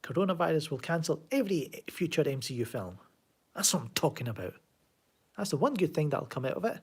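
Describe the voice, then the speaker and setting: A Glaswegian man from Scotland streams live from a room at home, chatting casually and sardonically and answering chat. He rambles and reads messages aloud. His husky voice sits on the high side, swinging widely in pitch at a slightly fast pace.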